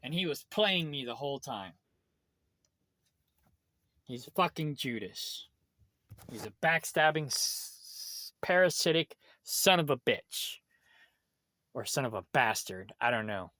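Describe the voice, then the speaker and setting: A man's voice: mid-range voice, expressive, takes it slowly, long pauses, pushed and bright, no echo. Angry, profane man ranting. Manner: profane, bitter, complaining. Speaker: vlogger. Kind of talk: angry vlog rant.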